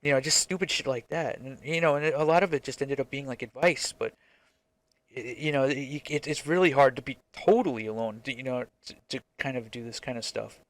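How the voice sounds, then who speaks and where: A man's voice: mid-range voice, fairly quick, no echo. Frank, rambling male indie developer. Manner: frank, rambling, swears freely; hesitant, many restarts. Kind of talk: casual reflective vlog.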